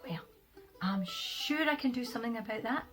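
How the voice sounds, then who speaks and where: A bright, chirpy little goldfinch bird, eager to help, talks in a Scottish lilt, as a woman puts it on for a storybook. Her voice sits very high and jumps around a lot. There is faint guitar in the background. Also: lively intonation, normal speed.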